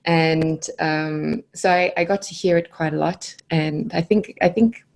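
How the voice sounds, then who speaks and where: A woman's voice: sits low, fairly even intonation, unhurried, creaky. A woman from South Africa with a South African accent, a coach who is a guest on a podcast, chatting in a friendly way and laughing a little self-consciously. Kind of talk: casual chat.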